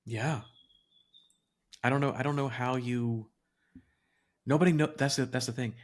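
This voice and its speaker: A man's voice: medium pitch, fairly even intonation, normal speed. A man co-hosting a podcast in casual chat, reflective and wry, often restarting his sentences as he thinks aloud. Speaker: podcast co-host.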